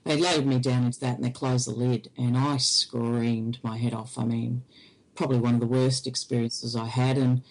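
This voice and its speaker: Halting woman telling her story. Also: very deep voice, flat delivery, a little mellow, poor audio. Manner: halting, hesitant speech. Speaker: interview guest. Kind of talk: recounting personal experience.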